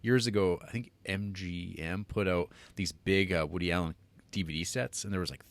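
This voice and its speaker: A man's voice: sits low, fairly even intonation, normal speed, no room sound. A man co-hosting a podcast, talking in casual chat with a dry wit and an easy laugh. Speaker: podcast co-host.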